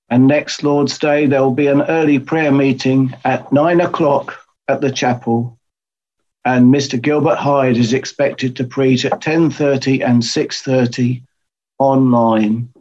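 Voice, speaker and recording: A man reading church announcements and a hymn number in a measured, formal way. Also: medium pitch, darkish tone. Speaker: chapel minister giving notices. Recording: dull lo-fi recording.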